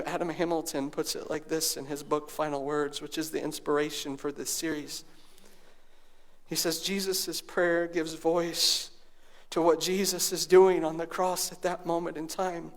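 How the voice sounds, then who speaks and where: A man's voice: sits high, normal speed, a bit bright. A male pastor delivering a sermon, dropping to near-whispers and rising to raised, emphatic preaching. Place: church sanctuary.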